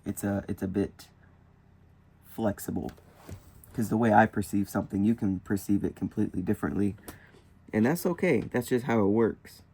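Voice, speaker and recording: Low-voiced young man musing aloud. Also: normal speed, long pauses, mellow, breathy edge. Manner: rambling, thinking aloud, self-questioning. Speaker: spiritual vlogger. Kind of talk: casual musing monologue.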